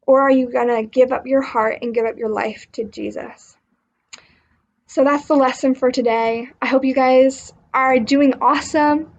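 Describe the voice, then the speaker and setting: Chatty higher-voiced woman teaching kids. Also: steady tone, moderate pace, lo-fi sound. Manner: friendly, chatty, with fillers and restarts. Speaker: children's church teacher. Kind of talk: casual kids' Bible lesson.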